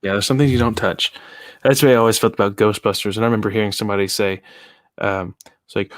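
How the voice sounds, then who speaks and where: A man guest on a casual podcast, talking with animated energy and quoting film lines. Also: lowish voice, fast talker, no room sound, clean studio sound. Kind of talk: casual chat.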